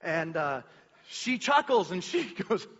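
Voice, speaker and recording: Guy giving a testimony at church, bright forceful voice, rambly with lots of restarts, big echoey hall. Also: high voice, takes it slowly, a little hiss or hum. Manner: rambling storytelling with many restarts and filler words; animated, acts out quoted lines. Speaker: church speaker sharing a testimony. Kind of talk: personal testimony to a congregation. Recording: dull recording with long hall reverb.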